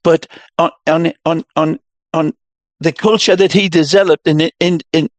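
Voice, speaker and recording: Older Geordie man, high bright voice, lively storyteller, dry studio sound. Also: a little slow, no echo. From Northeast England. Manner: animated storyteller, lots of restarts. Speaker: guest, retired soccer commentator. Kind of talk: casual chat.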